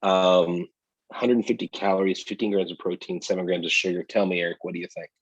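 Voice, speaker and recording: A man's voice: deep voice, little pitch movement, fast, slightly rough, dry recording, dull audio. A man co-hosting a casual sports podcast, talking energetically and straight to his listeners. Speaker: podcast co-host.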